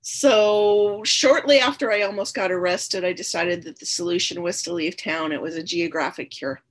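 A woman with a husky, somewhat low voice speaks as a podcast guest. She recounts her own story in an earnest, candid way and repeats phrases for emphasis. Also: normal speed. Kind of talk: personal storytelling in conversation.

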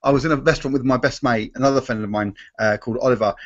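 A man's voice: mid-range voice, steady tone, rapid-fire, muffled recording. A man, a magician guest in a live Q&A, talking animatedly and restarting his sentences often. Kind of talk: live Q&A chat.

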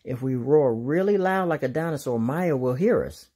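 A man voicing an excited little jaguar cub in a children's storybook. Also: mid-range voice, moderate pace, husky. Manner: excited, eager.

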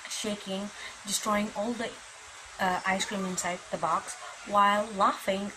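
A woman hosting a reaction video, chatting in a bemused way and talking straight to her viewers. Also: mid-range voice. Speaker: reaction channel host. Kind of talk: casual reaction commentary. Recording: clear background noise.

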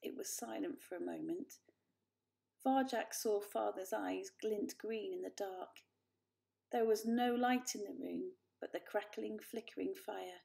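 A woman calmly reading a children's book aloud. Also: medium pitch, creaky. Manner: calm, measured narration. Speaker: storyteller.

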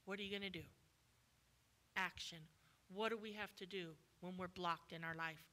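Bright-voiced woman preaching with emphasis. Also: lowish voice, steady tone, moderate pace. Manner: emphatic, acts out quotes with sudden loud commands; asks the congregation questions. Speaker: guest preacher. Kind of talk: sermon. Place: church.

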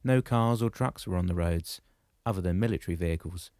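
A man narrates a novel in a steady, measured way. His voice sits low. The recording is close and dry. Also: no room sound. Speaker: audiobook narrator. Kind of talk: scripted narration.

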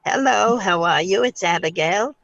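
A man voicing a pushy 87-year-old woman on a prank call, croaking and calling everyone "dear". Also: high-pitched, normal speed, a bit bright, dry recording, lo-fi sound, full character voice. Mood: sweet, cheeky. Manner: croaky granny voice, ends every line with "dear".

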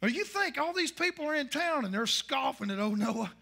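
Fiery high-voiced preacher. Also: male voice, lively intonation, brisk, gravelly. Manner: fiery, preaching with shouted emphasis. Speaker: pastor. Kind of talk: sermon.

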